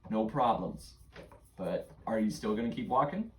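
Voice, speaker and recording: A father running a tabletop game for his kids as game master, patient and gently coaxing. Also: on the low side, animated, normal speed, slight background noise.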